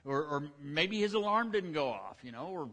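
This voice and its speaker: A man's voice: a little high, sing-song, moderate pace, a bit bright, long reverb tail, voice pushed up. A man doing a sarcastic taunting prophet. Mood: mocking. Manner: sarcastic, teasing. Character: mocking male prophet taunting rivals.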